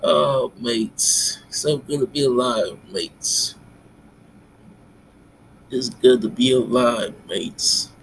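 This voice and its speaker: A man rambling in a monologue, tacking "mates" onto nearly every phrase in a halting, repetitive delivery. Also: medium pitch, lively intonation, vocal fry, a little hiss or hum. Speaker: self-styled pastor vlogger.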